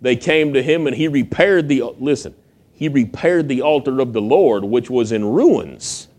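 Lively man preaching a sermon. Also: mid-range voice, normal speed. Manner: lively storytelling, acting out the scripture's voices. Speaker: pastor.

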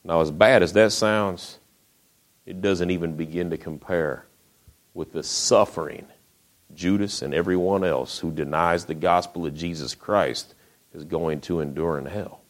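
A man preaching a sermon, retelling the story in a folksy way with acted quotes, often dropping to a hush. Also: deep voice, measured pace.

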